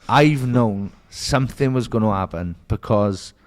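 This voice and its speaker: In a slow, lowish voice, a middle-aged Welsh man from Merthyr Tydfil shares stories as a podcast guest in easygoing chat. He swears freely and mimics the voices of the people he quotes, his Welsh accent clear throughout.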